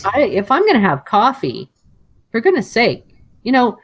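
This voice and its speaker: A woman co-hosting a podcast in casual chat, talkative and quick to laugh. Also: fairly high pitch, huge pitch swings, crowd noise. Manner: chatty and laughing, with fast asides. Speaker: podcast co-host.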